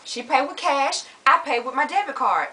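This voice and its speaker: Lively, bright-voiced woman chiming in. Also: high voice, normal speed. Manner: chiming in, laughing, playful agreement. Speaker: vlog co-host. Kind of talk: casual chat.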